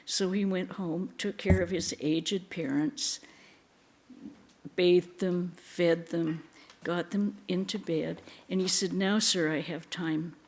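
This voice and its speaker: Woman preaching in a temple, slow and unhurried, gentle storyteller, lowish voice. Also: steady tone. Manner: gentle storytelling with soft laughs and quiet asides. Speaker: nun giving a temple talk. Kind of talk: sermon.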